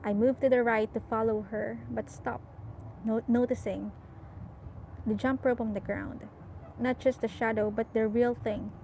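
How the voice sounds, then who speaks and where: A woman reading a novel aloud, with measured, softly expressive storytelling. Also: fairly high pitch, a little hiss or hum, poor audio. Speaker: audiobook reader.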